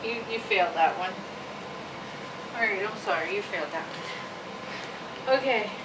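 A woman's voice: medium pitch, measured pace. A woman filming a casual home video, coaxing her dogs in a sing-song voice and giggling often. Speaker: dog owner running a home dog test. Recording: echoey room, far from mic, noisy.

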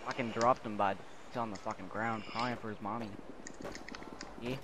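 A man's voice: on the low side, steady tone, normal speed. A man with a Canadian accent in brash, profane game chat, calling his teammates bud. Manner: brash, swearing, calls others bud. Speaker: gamer streaming with squad. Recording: loud gunfire and game noise.

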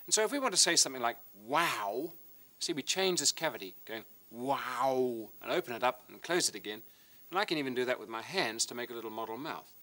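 A man's voice: mid-range voice, rapid-fire. A middle-aged man presenting a science lesson, explaining and demonstrating with a model as he talks. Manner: lively, hands-on demonstrator.

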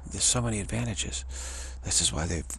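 A man's voice: animated, fairly quick, gravelly, a bit bright, a little hiss or hum. A man giving a rambling spiritual talk, repeating himself and stammering on restarts. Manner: mocking high voices for quoted people. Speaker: spiritual teacher.

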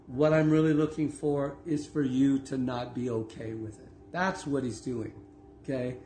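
A man giving a casual online Bible teaching, talking conversationally with many asides and laughs, and slowing down to read scripture aloud. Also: mid-range voice, steady tone, dark tone, roomy sound, a little hiss or hum. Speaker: preacher.

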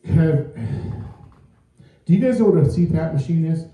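A man's voice: fairly high pitch, moderate pace, mellow. A man doing a stand-up comedy set, telling a story with acted-out quotes and asking the crowd questions from a club stage. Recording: roomy and far from the mic.

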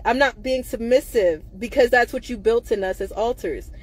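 A woman host gives her viewers an emotional monologue, nervous laughter breaking up angry, profane outbursts as she swings between quiet mumbling and loud intensity. Her medium-pitched, breathy-edged voice keeps a moderate pace with hardly any pauses, recorded without echo.

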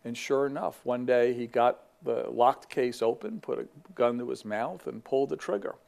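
Middle-aged man, gravelly voice, easygoing talk on faith, lots of "you know" and restarts. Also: medium pitch, normal speed, darkish tone. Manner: conversational, with frequent fillers and restarts. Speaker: ministry vice president.

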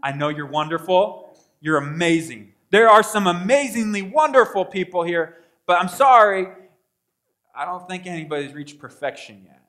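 A man preaching a sermon in a church, talking to the congregation in a conversational way, getting loud in some spots and dropping soft in others. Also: sits high, lively intonation, normal speed. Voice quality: tall speaker, says he is six five. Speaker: pastor. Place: church sanctuary.

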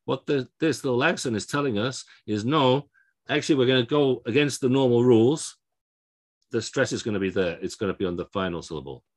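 A man's voice: medium pitch, a little fast. A man teaching Spanish pronunciation in a lecture, explaining rules step by step and often checking in with "okay?". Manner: explanatory, frequent fillers and restarts, checks in with okay. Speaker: Spanish language instructor.

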